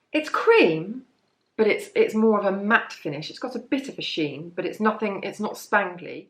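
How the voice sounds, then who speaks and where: A woman's voice: medium pitch, a bit bright, reverberant. A woman casually chatting through her favourite beauty products, rambling and self-deprecating as she goes. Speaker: beauty vlogger.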